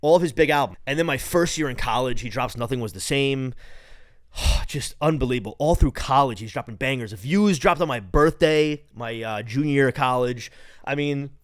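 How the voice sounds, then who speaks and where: A man's voice: mid-range voice, normal speed, no echo. New york dude in his late 20s, swearing a lot, rambling solo podcast, dry close sound. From New York, Long Island. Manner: profane, rambling, excitable. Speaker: podcast host. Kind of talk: casual solo podcast rant.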